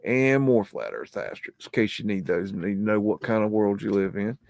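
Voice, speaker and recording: A man's voice: fairly low pitch, expressive, fairly quick, gravelly, a little mellow, no echo. A man hosting a live stream, rambling casually as he comments on old photos and scolds his dog in between.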